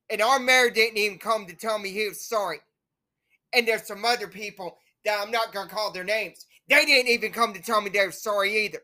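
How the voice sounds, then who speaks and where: Bright-voiced woman ranting angrily. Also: medium pitch, brisk. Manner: bitter, profane, repetitive grievance. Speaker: host of a home-made show. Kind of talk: angry rant to viewers.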